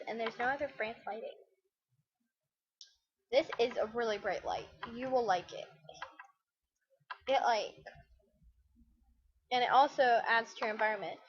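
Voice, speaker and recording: A woman's voice: a little high, a bit bright, muffled recording. A woman chatting casually over her gameplay, rambling and poking fun at herself. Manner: rambling, chatty, self-deprecating. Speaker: let's play gamer.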